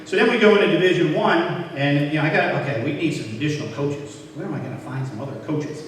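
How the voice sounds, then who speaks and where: Heard from far off in an echoey hall, an older man with a high-leaning voice speaks at a quick pace. Being inducted into a hall of fame, he gives a self-deprecating storytelling speech full of anecdotes, acting out past conversations and quoting others in dialogue.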